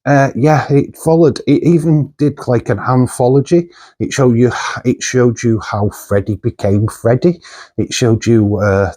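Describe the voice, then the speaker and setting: A man's voice: medium pitch, unhurried, warm tone. A man from the UK, hosting a movie channel in a loose, rambling chat full of fillers and asides.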